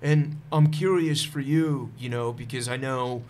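A man's voice: mid-range voice, steady tone, darkish tone, a little hiss or hum. Supportive male podcast host. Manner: friendly, supportive, quick affirmations. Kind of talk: casual interview.

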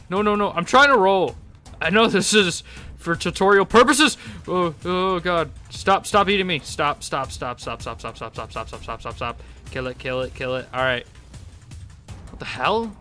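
A young man giving excitable gameplay commentary, laughing often and yelping in surprise. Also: a little high. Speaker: gaming YouTuber.

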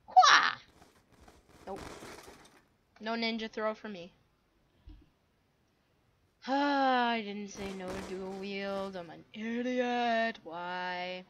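A woman's voice: medium pitch, extremely slow, long pauses, a little hiss or hum. A woman giving casual, goofy commentary while playing a game, full of silly sound effects. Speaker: gamer.

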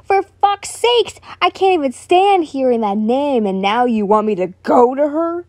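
A hot-tempered young king barks insults in a loud, slow, snarling voice, as a woman reading the story puts him on. The tone stays soft and mellow despite the anger, and the sound is dry and close. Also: high voice, lively intonation, dry recording. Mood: angry snarling.

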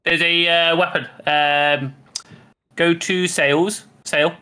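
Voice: mid-range voice, steady tone, takes it slowly, sharp tone, clean tone. A co-player chatting casually and explaining game menus with many hesitations. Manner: helpful, explaining, hesitant with fillers. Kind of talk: casual gameplay chat.

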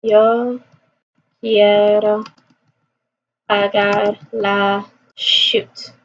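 A woman's voice: on the high side, unhurried, fairly bright tone. A woman vlogging her language practice in casual chat, repeating phrases aloud to her viewers. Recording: dull lo-fi recording.

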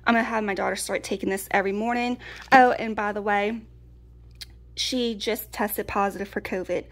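A woman's voice: medium pitch, fairly even intonation, normal speed, background noise. A woman, chatting casually through a food haul. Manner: chatty, folksy, laughs often. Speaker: prepping vlogger. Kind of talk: casual pantry haul chat.

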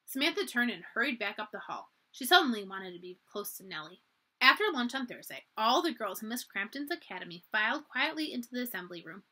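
Lively woman reading a children's book. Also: on the high side, fairly quick. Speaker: library storyteller.

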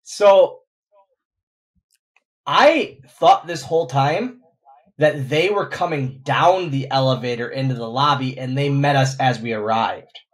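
A man hosting a casual chat podcast, halting and self-mocking as he talks. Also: mid-range voice. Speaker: podcast host.

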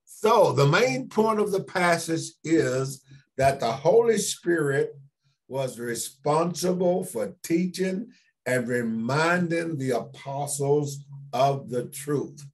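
A male pastor teaches a church Sunday school class in an unhurried, expressive voice on the high side. He repeats key words for emphasis and puts questions to the class.

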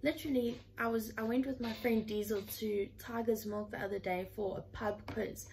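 A woman's voice: fairly high pitch, fairly even intonation, normal speed, vocal fry, a little mellow, a little hiss or hum, rough recording. A woman in her twenties talking in a casual, heartfelt way from her room at home, earnest and chatty, often leaning on the word "literally.". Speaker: vlogger.

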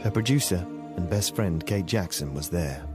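A man narrates a documentary in a deep, measured, sombre voice. Clear music plays underneath him. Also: expressive.

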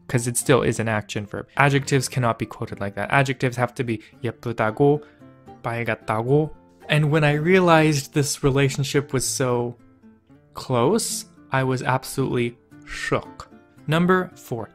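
A man explains grammar points in a relaxed, playful way, poking fun at his own past mistakes. His voice sits at an ordinary middle pitch. Soft guitar music plays faintly underneath. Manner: playful, self-mocking explainer. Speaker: language teacher. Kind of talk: casual educational video.

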